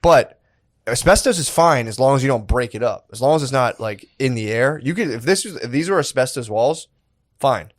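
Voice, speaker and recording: A man's voice: mid-range voice, animated, normal speed, dry recording, studio quality. A man co-hosting a casual comedy podcast, laid-back and laughing often, saying "dude" a lot. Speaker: podcast co-host.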